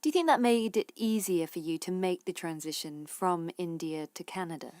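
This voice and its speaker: A woman's voice: on the low side, normal speed, darkish tone, dry recording. A woman interviewer asking probing, attentive questions in a broadcast interview.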